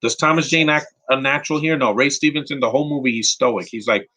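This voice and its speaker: On a poor-quality recording, a podcast host from New York talks at a quick pace in a medium-pitched, sharp-toned voice. He's doing live movie commentary, rambling and opinionated, frequently starting over mid-thought while fielding questions from chat.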